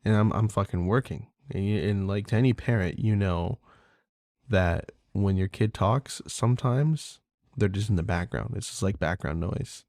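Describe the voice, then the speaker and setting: A man's voice: fairly low pitch, measured pace, a little mellow, no echo, studio quality. A man hosting a podcast in a casual, candid monologue, swearing freely and talking loosely. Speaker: podcast host.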